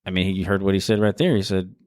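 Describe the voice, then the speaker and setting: A man with a fairly low voice hosts an interview, speaking candidly with plenty of fillers. The sound is dry and close, with no room around it. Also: flat delivery, fast, a little mellow, no echo. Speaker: podcast host. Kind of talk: casual interview commentary.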